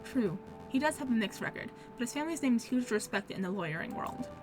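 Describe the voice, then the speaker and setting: A woman's voice: a little high, animated, quick pace, natural voice. A suave male fox private investigator from a story game, read aloud by a woman. He speaks in a polished, assured way. Game music plays steadily underneath.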